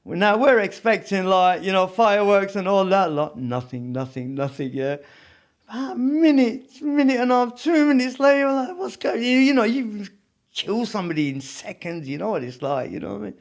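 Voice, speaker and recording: A man's voice: high voice, normal speed. A man telling prison stories in a casual interview, rambling with lots of "you know what I mean". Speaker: podcast guest.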